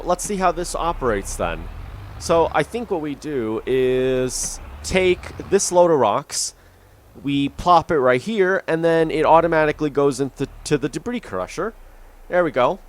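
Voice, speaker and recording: A man's voice: on the high side, lively intonation, unhurried, slight background noise. A man giving rambling, easygoing commentary while playing a farming video game, with frequent ums and the hiccups. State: has the hiccups. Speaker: gaming YouTuber. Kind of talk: casual gameplay commentary.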